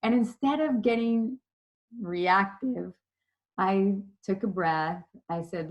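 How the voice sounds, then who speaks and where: A woman presenting a leadership lesson from her slides. She tells her stories in a chatty, animated way, her voice at an ordinary middle pitch. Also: takes it slowly, lo-fi sound. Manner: storytelling, chatty, animated retelling. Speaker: leadership trainer.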